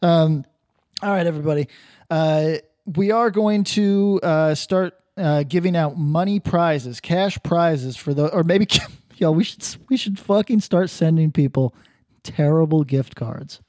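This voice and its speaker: Podcast dude reading gross reviews, laughs a lot, kinda high mellow voice. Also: male voice, measured pace, no echo, clean studio sound. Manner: laughing, loud bursts, crude and joking. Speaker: podcast co-host. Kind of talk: casual crude chat, reading reviews aloud.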